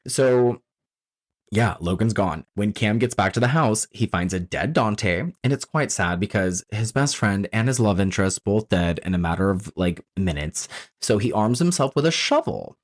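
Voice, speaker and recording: Low-voiced man recapping a horror movie. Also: normal speed. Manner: recaps plot with frequent swearing and excited asides. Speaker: podcast co-host. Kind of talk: casual movie recap chat.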